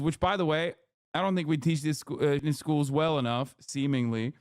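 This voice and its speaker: A man's voice: on the high side, fairly even intonation, moderate pace, dry recording, studio quality. A man live-streaming, reacting to a debate clip with sarcastic casual commentary and reading out chat. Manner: sarcastic, riffs with chat, slips into mock British voice.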